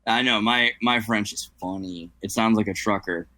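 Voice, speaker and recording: A man's voice: fairly low pitch, moderate pace, sharp tone, no echo. A man in casual podcast chat, talking in long digressive runs and tossing in French phrases.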